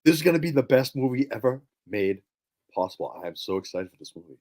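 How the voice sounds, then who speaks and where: A man co-hosting a casual movie podcast, excitable and swearing freely as he hypes things up. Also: medium pitch, quick pace. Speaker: podcast co-host. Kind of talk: casual chat.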